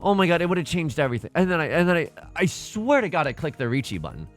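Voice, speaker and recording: A man's voice: a little high, very animated, fast, soft background music. A man hosting a let's play, talking through his game in an exasperated, stammering, self-mocking way. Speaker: gaming channel host.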